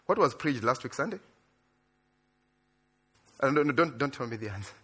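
A man from Africa preaching a sermon in a church, animated, building to excited near-shouts and then dropping low and quiet. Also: moderate pace, breathy edge. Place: church in Australia.

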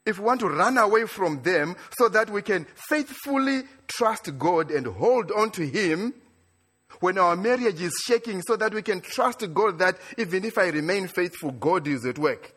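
A high, bright-toned preacher from Africa with a husky edge to his voice. He preaches with growing excitement, climbing into near-shouts before sinking back to a low, quiet delivery. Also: moderate pace. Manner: animated, rising to excited near-shouting then dropping low. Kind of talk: sermon. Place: church in Australia.

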